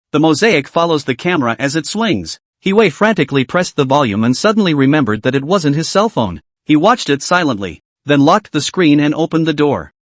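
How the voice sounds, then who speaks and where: A man reading a story recap aloud, handling both the narration and the characters' dialogue in one steady reading voice. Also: a little high, dry recording.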